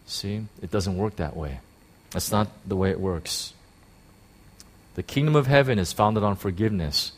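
A man pastor preaching a sermon in a conversational way, with rhetorical questions and quick acted-out quotes of churchgoers. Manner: acts out quoted church talk in sudden high bursts.

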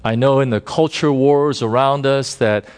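A man's voice: medium pitch, fairly even intonation, normal speed, smooth. Emphatic preaching man. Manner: dynamic preaching, swinging from hushed to emphatic. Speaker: pastor. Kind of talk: sermon.

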